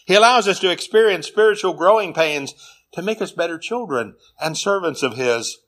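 A man preaching a sermon in an earnest, measured way. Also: high voice, animated, fairly bright tone. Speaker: pastor.

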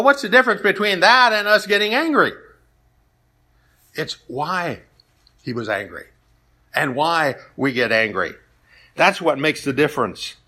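A man's voice: a little high, sharp tone, breathy edge. A man preaching a sermon, retelling stories and scripture in a plain, conversational way. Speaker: pastor.

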